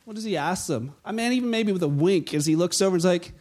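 A man preaching a sermon, telling the story in a lively way and acting out the crowd's voices. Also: high-pitched, fast talker. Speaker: pastor.

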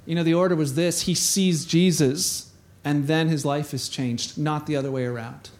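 A man with a notably high voice preaching to his congregation. He talks like he is chatting with friends, animated and warm in his storytelling, often restarting a phrase or slipping in a chuckle. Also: normal speed. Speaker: pastor. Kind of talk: conversational sermon.

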